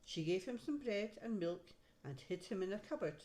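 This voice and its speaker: A woman reading a storybook aloud to a child, pausing to point out the pictures. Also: medium pitch, sing-song, dark tone. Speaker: reader to a child.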